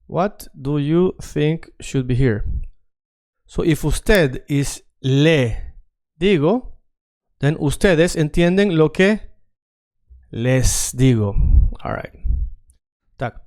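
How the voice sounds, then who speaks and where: A man's voice: on the high side, animated, takes it slowly, a little mellow. A man teaching a casual online lesson, chatty and prone to repeating himself while he works on screen. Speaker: Spanish teacher.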